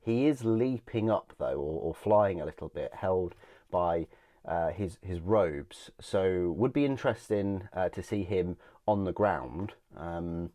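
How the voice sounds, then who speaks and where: A deep-voiced man talks through a product review in a relaxed, unscripted way. He hesitates often, restarts phrases and lets sentences trail off into quiet ums. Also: unhurried. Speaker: miniatures reviewer.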